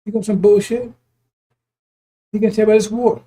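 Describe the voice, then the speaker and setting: His voice sits high and mellow, delivered flatly at a moderate pace. As a religious teacher he preaches informally yet emphatically on scripture, repeating points, chuckling a lot, and cursing freely.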